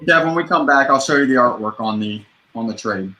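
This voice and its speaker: A man co-hosting a live comic sale, quoting prices in a plain, steady way. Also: mid-range voice, brisk, poor audio. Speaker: co-host. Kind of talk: live sales pitch.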